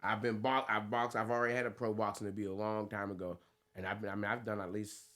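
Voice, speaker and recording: A man's voice: fairly low pitch, flat delivery, fast, fairly bright tone. A man from the United States, a fighter co-hosting a podcast, chatting casually with loose, laughing, swearing banter.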